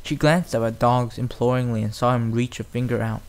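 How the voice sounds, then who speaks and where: A man's voice: mid-range voice, fairly even intonation, fairly quick, smooth. A man narrating a fan storybook in an unpolished, home-read way. He reads plainly and now and then stumbles and restarts a line. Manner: plain reading with some restarts.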